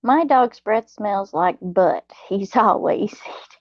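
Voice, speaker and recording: Lady chatting late night, soft laughs, takes her time, dry close sound. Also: medium pitch, expressive, dry recording, dull audio. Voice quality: soft, slow, laughs often. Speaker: channel host reading live chat. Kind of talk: late-night live stream chat.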